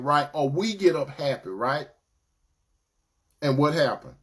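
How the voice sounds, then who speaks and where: Male preacher, higher register, chatty sermon delivery that keeps calling on brothers and sisters. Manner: conversational preaching, addresses listeners as brother and sister.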